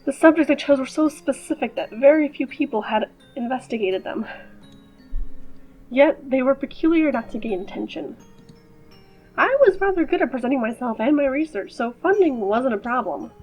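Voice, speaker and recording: A woman's voice: sits high, animated, normal speed, darkish tone, faint music behind, poor audio. A woman hosting a gaming video, reading the game's text aloud and breaking off for chatty, joking asides. Her voice sounds slightly off, as if just over a cold. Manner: playful, chatty asides between read-out passages. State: voice slightly off after a recent cold.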